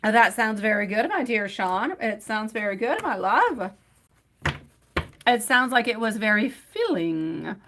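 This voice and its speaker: On a tarot live stream, a woman with a fairly high, fairly bright voice and wide pitch swings chats affectionately and unhurriedly with viewers, calling them "sweetie" and "my love." She sings snatches while shuffling, with slight background noise present.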